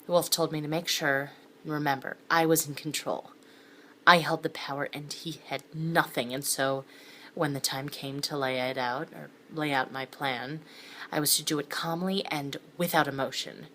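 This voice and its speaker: A woman's voice: low voice, fairly even intonation, normal speed, bright, forceful tone, a little hiss or hum. A middle-aged woman giving scripted first-person thriller narration with wry, sardonic asides, sometimes sinking to a whisper. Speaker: narrator of a thriller web series.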